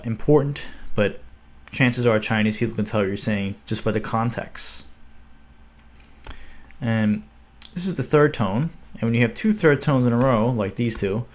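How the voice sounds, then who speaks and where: A young man giving a casual, upbeat video lesson, slowing down to spell out words. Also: lowish voice. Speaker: language teacher.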